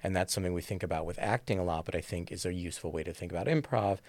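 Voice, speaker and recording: Racing along in a low, darkish voice on a dry recording, a man who teaches improv gives a thoughtful, rambling conversational interview, full of fillers and "right?" tags.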